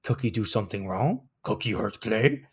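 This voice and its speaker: A man voicing a gentle, eager male blue fur monster from fan fiction, who speaks of himself in broken third person. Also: fairly low pitch, normal speed, husky. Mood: tender.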